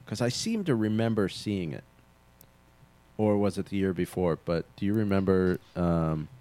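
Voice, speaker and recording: A man in casual podcast chat, talking haltingly as he searches his memory. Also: low voice, warm tone. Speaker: podcast guest.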